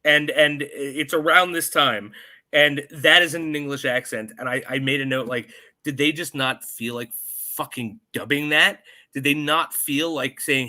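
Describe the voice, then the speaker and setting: A man's voice: a little high, moderate pace, pushed and bright. A man co-hosting a podcast, ranting sarcastically and swearing while reviewing a movie. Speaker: podcast co-host. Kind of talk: casual movie review chat.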